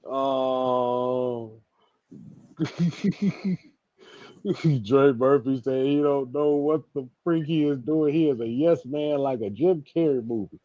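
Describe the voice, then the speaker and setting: A man's voice: mid-range voice, slow pace, pauses often, mellow, no room sound, dull audio. A man co-hosting a casual live sports talk stream, reading chat comments aloud. He laughs often and repeats words while he gathers his thoughts.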